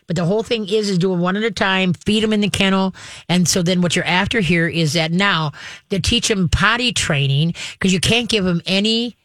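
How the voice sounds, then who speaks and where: Hosting a call-in radio show, a woman offers brisk, instructive dog-training guidance step by step, regularly checking in with "okay?" Her voice is fairly low and a bit bright, with no echo.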